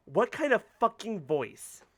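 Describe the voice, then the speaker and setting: A chatty game streamer talking through a playthrough, wandering off topic and laughing easily. The voice swings up and down a lot and sounds bright. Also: mid-range voice, very animated, measured pace. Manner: chatty, rambling, laughs often. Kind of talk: casual let's-play commentary.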